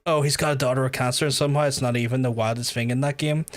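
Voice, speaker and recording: This medium-pitched man has a steady tone but talks very fast, close to the mic. Streaming a video game, he offers casual commentary full of rambling, swearing, and chatty remarks to viewers.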